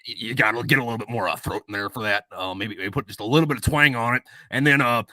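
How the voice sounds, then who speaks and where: A man, a guest telling stories with profane, deadpan joking rants. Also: mid-range voice, fast, dry recording. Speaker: guest, veteran and video creator. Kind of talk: casual chat.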